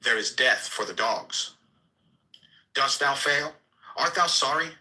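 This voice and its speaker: A man giving a solemn, declamatory reading of an archaic scripture, slow and measured with sudden quicker bursts. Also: mid-range voice, animated, pushed and bright, poor audio. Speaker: reader.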